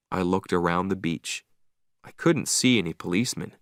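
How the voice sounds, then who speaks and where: A man narrating a simple story slowly and clearly for English learners, with an expressive reading. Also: low-pitched, no room sound, studio quality.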